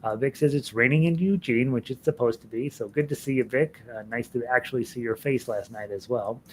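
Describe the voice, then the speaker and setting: A man's voice: mid-range voice, fairly quick, a little mellow, slight background noise. A middle-aged man hosting an online ukulele class, reading viewer comments in a rambling, chatty way with fillers and restarts. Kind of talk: casual live-stream chat reading viewer comments.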